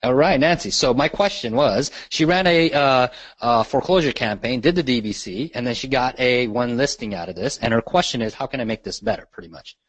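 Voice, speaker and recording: In a dry recording, a man with a medium-pitched, animated, brisk and slightly rough voice teaches a live real estate marketing training call. He keeps it conversational, repeats his questions, and checks in after almost every point, often saying "right?" and "okay?".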